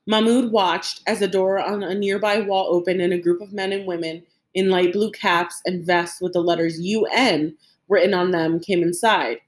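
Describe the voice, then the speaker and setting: Woman reading a novel aloud, lowish voice. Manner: steady, even narration with occasional restarts. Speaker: audiobook reader.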